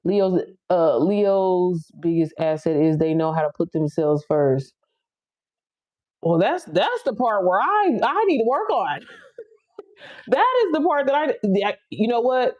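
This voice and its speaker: A woman, chatting casually and bluntly with viewers on her livestream, laughing often and jumping up high for emphasis. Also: very animated, a little slow. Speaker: livestream host. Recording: slightly dull lo-fi audio.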